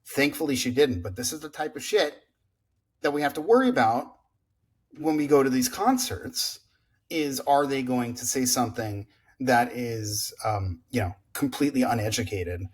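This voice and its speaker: A man's voice: medium pitch, animated, moderate pace, breathy edge. A man co-hosting a podcast in casual chat, rambling with many fillers as he sets up a topic. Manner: rambling, filler-heavy storytelling. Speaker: podcast co-host.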